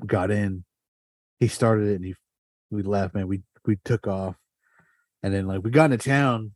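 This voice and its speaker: Man, podcast host, loose storyteller, cursing freely, dry close sound, warm tone. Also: deep voice, no echo. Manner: animated, swears often, heavy fillers. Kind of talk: casual storytelling.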